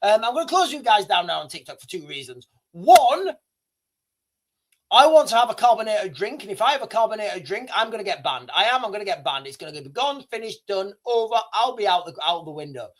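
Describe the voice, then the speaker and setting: A man's voice: sits high, very animated, a little fast. A man hosting a casual live stream, rambling and correcting himself as he talks to viewers, coughing now and then. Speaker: livestream host.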